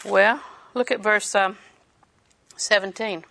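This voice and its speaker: A woman's voice: mid-range voice, fairly even intonation, takes it slowly, creaky, pushed and bright. A woman preaching a sermon, reading scripture in a conversational way and laughing often.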